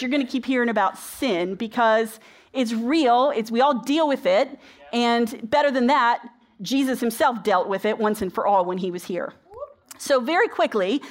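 A woman preaching a sermon in a conversational, storytelling way, asking the congregation rhetorical questions. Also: fairly high pitch.

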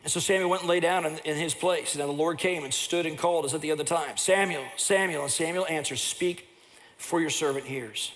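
Older man, pastor, preaching, acts out stories, high-pitched voice. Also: fast talker, few pauses. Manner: animated storyteller who acts out scenes. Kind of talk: sermon.

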